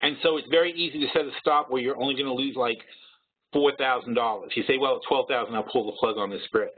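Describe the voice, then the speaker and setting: A man's voice: medium pitch, fast, breathy edge. A man hosting a live trading webinar, rambling and correcting himself as he works through figures aloud. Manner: rambling, self-correcting, thinks aloud while calculating. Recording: tinny phone-line webinar audio.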